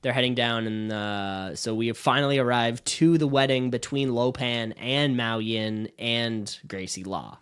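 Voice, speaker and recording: A man's voice: medium pitch, unhurried, few pauses, fairly bright tone, clear, resonant tone. A young man co-hosting a casual podcast, recapping a movie with lots of fillers and laughter. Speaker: podcast co-host. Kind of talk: casual chat.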